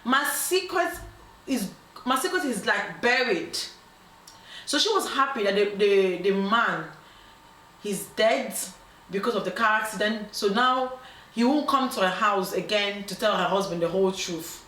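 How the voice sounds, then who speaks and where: Animated woman storyteller in an echoey room. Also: mid-range voice, moderate pace. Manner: animated, acts out quoted voices, many ums and restarts. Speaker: storyteller host. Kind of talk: casual storytelling. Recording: roomy echo, faint background noise.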